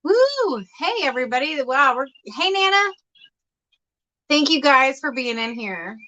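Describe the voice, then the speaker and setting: Okie lady hosting a livestream, bright voice, a bit high, chatty, says hi to everyone in chat. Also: lively intonation, a little slow, rough recording. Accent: Oklahoma. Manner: greets chat viewers by name, chatty. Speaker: host.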